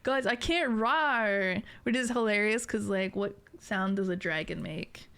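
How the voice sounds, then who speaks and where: A woman's voice: mid-range voice, measured pace, fairly bright tone, smooth. A woman in her late twenties, a streamer chatting casually with her chat, giggly and swearing freely. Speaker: VTuber streamer.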